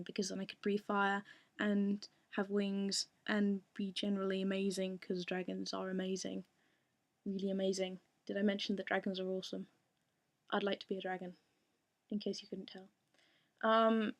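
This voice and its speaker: A woman's voice: mid-range voice, no echo. A young woman answering fan questions in a casual voice meme, hesitant and full of ums. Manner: hesitant, with many pauses and ums.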